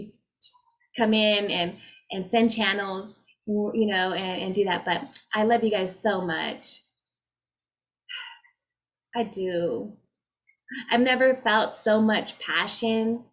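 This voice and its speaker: A woman speaking as a spiritual energy healer, in a casual, heartfelt talk to her viewers, effusive and rambling with frequent restarts. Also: medium pitch.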